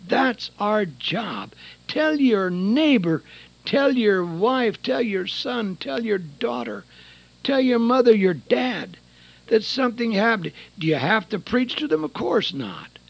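An older man preaches, his high voice leaping around as he tells his testimony. He drops to near whispers, then rises loud again. It comes across as a radio broadcast. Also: lively intonation, slow, gravelly, highs cut off. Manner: dramatic, swings from hushed to loud. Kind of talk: sermon with personal testimony.

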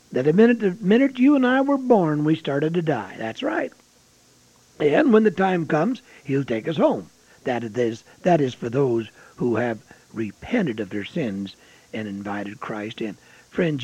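An older man preaching a folksy sermon, reading scripture and telling stories, swinging from loud exclamations to hushed asides. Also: fairly high pitch, slightly rough, no room sound. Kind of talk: expository sermon. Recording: dull lo-fi sound.

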